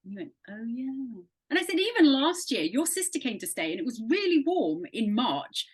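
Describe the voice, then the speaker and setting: A woman's voice: sits high, very animated, fairly quick, slightly rough. A British woman presenting weather in casual chat, explaining things in a playful way and laughing a lot. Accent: British English.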